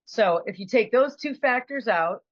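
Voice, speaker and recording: A woman's voice: a little high, lively intonation, normal speed, no echo, highs cut off. Woman giving a reflective motivational talk. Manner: conversational, reflective, acts out quotes.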